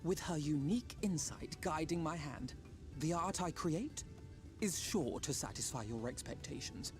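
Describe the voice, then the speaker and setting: A courteous young scholar makes his requests in formal, courtly language. His fairly high voice moves lively through each line, with soft game music behind him. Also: measured pace. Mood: earnest.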